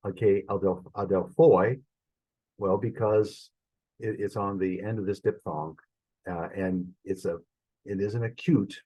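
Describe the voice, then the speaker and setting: A man with a low, husky voice leads a recorded Greek class. He pauses and restarts as he works things out aloud, then slows right down to say each Greek word carefully. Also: warm tone, poor audio. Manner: halting, thinking aloud while fumbling with screen sharing; spells out Greek words slowly and deliberately. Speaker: Greek instructor. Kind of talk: recorded online lesson.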